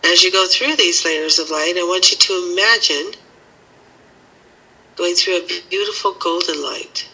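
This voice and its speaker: A woman teaching a healing method and leading a slow, soothing guided meditation. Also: fairly low pitch, pushed and bright, husky, rough recording. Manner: slow, soothing guiding instructions.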